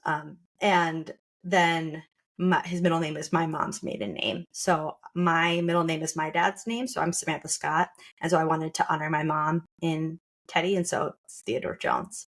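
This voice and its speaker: A young woman with a somewhat low voice talks on a casual podcast. She is reflective and candid, often backing up to rephrase. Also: flat delivery, moderate pace, fairly bright tone. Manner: reflective, with frequent restarts and laughter. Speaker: podcast co-host sharing her birth story.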